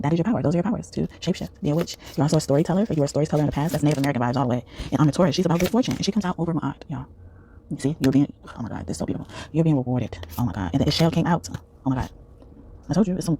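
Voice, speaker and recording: A man's voice: fairly high pitch, creaky, mellow, a little hiss or hum. A man giving a casual, rambling tarot reading, full of fillers and restarts. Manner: rambling, many fillers and restarts, frequent laughs. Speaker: tarot reader.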